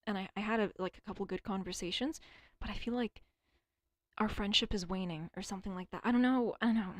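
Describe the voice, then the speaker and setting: A woman's voice: mid-range voice, fast, dry recording, clean studio sound. A young woman streaming alone, chatting casually and rambling, swearing often and stuttering at times. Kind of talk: casual livestream chat.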